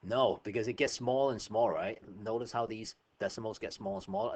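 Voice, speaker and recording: A man's voice: fairly low pitch, moderate pace, darkish tone. A man teaching a math lesson over a screen recording, chatty and informal, often checking in with "right?".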